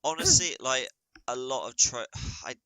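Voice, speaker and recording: A young man co-hosting a podcast in casual chat, animated and halting, with frequent swearing and restarts. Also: mid-range voice, dry recording, poor audio. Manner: animated, ranting, swears freely. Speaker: podcast co-host.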